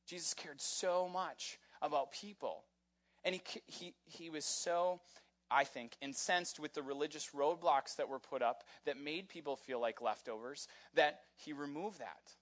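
A man delivers a conversational sermon, retelling stories in an animated, chatty way. His voice sits a little higher than most men's. He keeps the tone casual and often pauses on filler words. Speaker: pastor.

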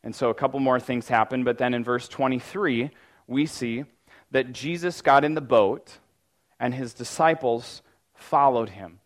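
Speaking at a measured pace in a mid-range voice, this pastor preaches conversationally and casually. He leans on "like," restarts his sentences, and sometimes bursts into loud cries of mock panic.

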